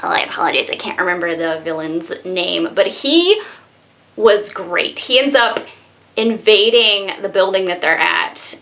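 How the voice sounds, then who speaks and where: A young woman casually reviewing a low-budget horror film, bubbly and giggly, full of fillers. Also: gravelly, pushed and bright.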